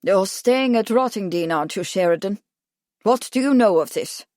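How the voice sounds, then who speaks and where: A woman's voice: mid-range voice, lively intonation, normal speed, a little mellow, no echo, studio quality, lightly acted. A woman voicing a commanding, imperious prince in an audiobook. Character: imperious royal prince, older man.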